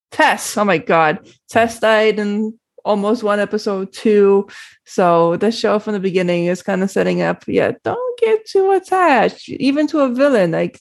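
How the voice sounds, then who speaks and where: Chatty woman thinking out loud. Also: medium pitch. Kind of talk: casual chat.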